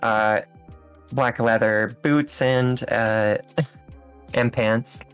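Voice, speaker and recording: A man as an interview guest, telling stories in a relaxed, rambling way with fillers and small laughs. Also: medium pitch, drawn-out words, smooth, faint music behind. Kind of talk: casual interview chat.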